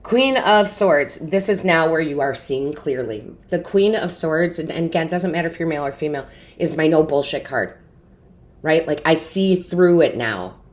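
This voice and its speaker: A woman with a notably low voice delivers an intuitive tarot reading to her viewers. She speaks with earnest, heartfelt feeling and keeps checking in with a quick "right?" or "okay?". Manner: earnest, emotional, often asks "right?" and "okay?". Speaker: tarot reader and medium.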